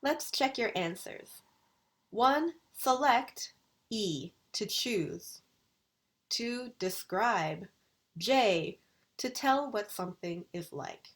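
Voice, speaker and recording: A woman university English lecturer recording a video lesson, enunciating vocabulary words slowly and deliberately. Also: on the high side, expressive.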